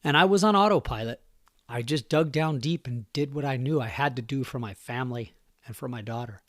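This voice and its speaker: A man in his forties tells his own story on a podcast, speaking in a somber, halting and emotional way. His voice sits at a middle pitch. The recording is dry and close, with no room sound. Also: fairly bright tone, no room sound. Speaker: podcast host. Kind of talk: personal storytelling monologue.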